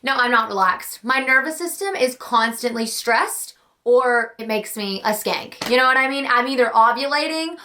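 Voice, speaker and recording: A young woman casually chatting about books she read, gushing and slangy, animated and talkative. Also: a little high, moderate pace. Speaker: book vlogger. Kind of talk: casual book review chat.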